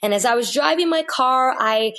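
A woman's voice: sits high, normal speed, fairly bright tone. Earnest woman sharing a faith testimony. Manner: earnest, heartfelt, repeats phrases for emphasis. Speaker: guest. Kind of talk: faith interview, personal testimony.

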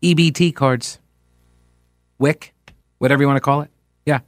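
A man's voice: mid-range voice, fairly even intonation, moderate pace, soft background music. A man hosting a political talk radio show, ranting in a sarcastic, exasperated way. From United States. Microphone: studio microphone.

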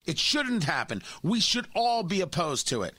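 A man's voice: high voice, very animated, normal speed, sharp tone, breathy edge, no echo. A man hosting a talk radio show, giving opinionated, mocking commentary from a studio microphone.

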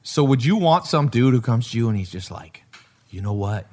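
Animated storytelling male podcast host. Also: mid-range voice, brisk. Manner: animated storyteller who acts out quotes and laughs. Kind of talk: casual chat.

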